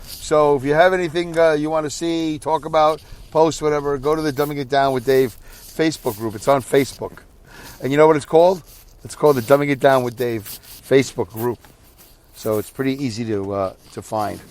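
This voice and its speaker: A man's voice: medium pitch, fairly even intonation, a little fast, darkish tone. A middle-aged man, hosting a casual podcast monologue, exhausted and rambling while driving his truck. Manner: rambling, tired, self-deprecating. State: exhausted, sleepy. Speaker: podcast host.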